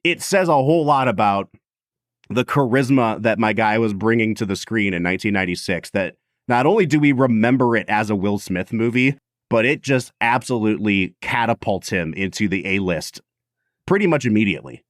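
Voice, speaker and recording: A man's voice: fairly low pitch, expressive, a little fast, no echo, studio quality. A man co-hosting a podcast, chatting casually and animatedly about a film, with lots of filler "like". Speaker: podcast co-host. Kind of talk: casual movie discussion.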